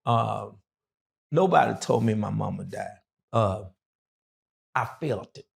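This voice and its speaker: A man's voice: fairly low pitch, takes it slowly. A middle-aged man, an interview guest and former prisoner, telling his story in a loose, rambling way full of fillers. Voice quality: gravelly.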